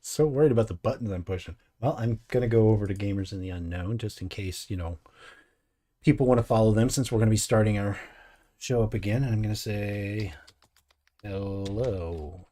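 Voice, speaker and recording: Low, mellow-voiced man with dry wit. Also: fast talker. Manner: dry, wry remarks, thanks subscribers. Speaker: co-host of a live mini painting stream. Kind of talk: casual chat and reading out chat messages.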